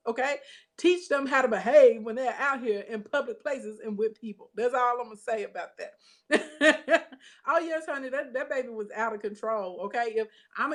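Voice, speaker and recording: A woman with a slightly high voice tells a story in a relaxed, chatty monologue. She talks with sass and emphasis and keeps checking in with the audience. Her tone carries some firm bass underneath. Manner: emphatic, sassy, with frequent "okay?" check-ins. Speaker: online business coach and vlogger.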